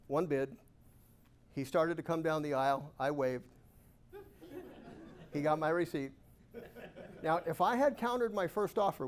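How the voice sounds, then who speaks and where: A man giving a keynote talk to a live audience, telling lively, self-amused stories and asking the room questions. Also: on the high side. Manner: animated, self-amused anecdotes with rhetorical questions. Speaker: guest speaker at a real estate investor club.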